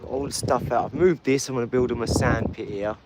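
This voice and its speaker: A man's voice: mid-range voice, brisk, very noisy. A man hosting a casual livestream, talking to viewers in a chatty, rambling way and often repeating himself. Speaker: livestream host.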